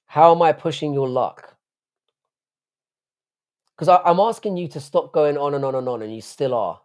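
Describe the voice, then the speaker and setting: A man's voice: on the high side, moderate pace, darkish tone. A man from the United Kingdom hosting a late-night live stream, rambling casually, swearing often and answering chat messages aloud.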